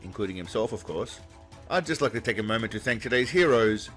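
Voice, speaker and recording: A man's voice: lowish voice, expressive, fairly quick, fairly bright tone, faint music behind. Sarcastic man narrating a roast. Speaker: comedy narrator. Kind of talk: mocking commentary voice-over.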